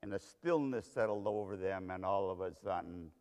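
A man's voice: deep voice, moderate pace, a little mellow. A man preaching a sermon, telling a Bible story dramatically and speaking straight to its characters. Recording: long hall reverb.

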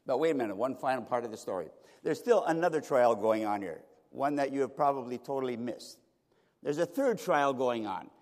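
Dramatic preacher in a ringing hall. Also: male voice, mid-range voice, expressive, brisk. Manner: dramatic storytelling with sharp swings of loudness. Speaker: pastor. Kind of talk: sermon. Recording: reverberant hall.

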